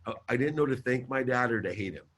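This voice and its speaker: A man, a guest in an interview, telling an emotional personal story in an animated, emphatic way. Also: medium pitch, quick pace. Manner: animated, emphatic, swears casually. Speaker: guest entrepreneur.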